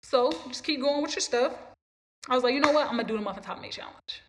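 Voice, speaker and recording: Amid background noise, a woman speaks fast in a high voice while hosting a podcast about her life. Emphatic and repetitive, she preaches encouragement in this personal motivational talk.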